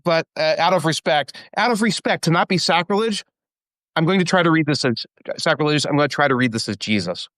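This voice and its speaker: A man's voice: on the high side, brisk, a bit bright, no room sound. A man co-hosting a casual sports podcast, joking wryly and stumbling over repeated words. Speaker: podcast co-host. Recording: dry close sound.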